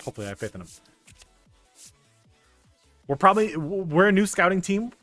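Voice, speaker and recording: A young man streaming a baseball management game, chatting casually with his viewers, excitable and stumbling over restarts. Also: high voice, fairly quick. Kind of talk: casual gameplay commentary talking to chat. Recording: dry close mic with faint game music.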